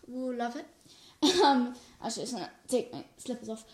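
A woman's voice: a little high, lively intonation, moderate pace. A woman hosting her podcast alone, chatting in a rambling way and laughing often, recorded on a large microphone pulled up close while she sits on a couch at home. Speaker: podcast host. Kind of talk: solo casual podcast chat. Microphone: large studio mic pulled up close.

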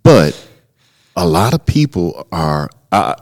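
A man's voice: deep voice, sing-song, slow pace, a little mellow. A middle-aged man, a pastor co-hosting a podcast, talking earnestly and telling a personal story, often restarting his words. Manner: earnest, storytelling, repeats words when starting. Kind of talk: casual podcast conversation.

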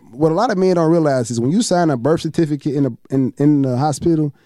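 Brief: man, host, fairly high voice, profane animated storyteller, dry close sound. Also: no echo. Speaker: podcast host. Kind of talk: casual storytelling chat.

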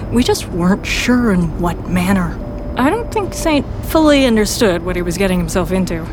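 A woman narrating a first-person fan audio drama in a steady storytelling manner. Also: mid-range voice, background noise.

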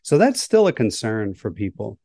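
A man's voice: lowish voice, sing-song, moderate pace, creaky, dark tone, husky, dry recording, clean studio sound. A man, a workplace psychologist, answering interview questions in a thoughtful, hedging way. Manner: thoughtful, hedging with "right?" and "kind of".

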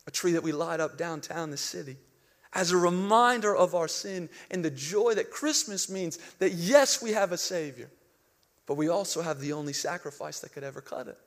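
A high-voiced man in his thirties preaches a sermon. His delivery shifts between quiet, hushed passages and emphatic ones. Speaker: pastor.

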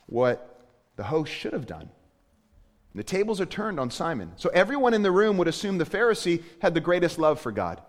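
A male pastor delivering a sermon, conversational and animated, with emphatic rises on key points. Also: a little high, in a large hall.

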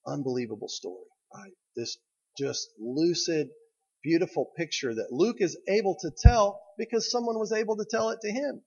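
Husky-voiced man preaching a sermon. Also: high voice, normal speed, a little mellow, lo-fi sound. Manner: storytelling, drawing listeners in with "right?". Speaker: pastor.

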